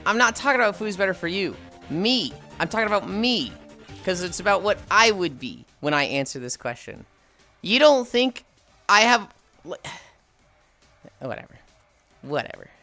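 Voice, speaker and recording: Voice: medium pitch, expressive, brisk, pushed and bright, soft background music. A livestreamer chatting casually with viewers, reading chat aloud and ranting playfully with plenty of swearing. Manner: swears freely, reads and answers chat.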